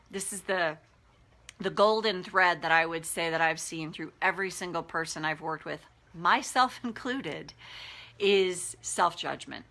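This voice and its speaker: A woman's voice: lowish voice, sharp tone. A woman life coach talking earnestly and conversationally to viewers, with frequent restarts. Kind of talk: casual talk to viewers.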